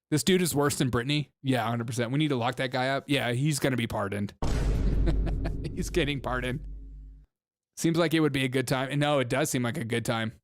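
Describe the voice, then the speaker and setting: A man's voice: mid-range voice, moderate pace, long pauses, no room sound, clean studio sound. A young man hosting a comedic political livestream, joking, laughing often and reading chat comments aloud. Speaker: live stream host. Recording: music playing behind the voice.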